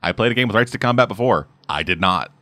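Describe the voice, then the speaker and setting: A man's voice: fairly low pitch, lively intonation, fast, sharp tone, no room sound, studio quality. A young man in casual podcast chat, making wisecracks and banter.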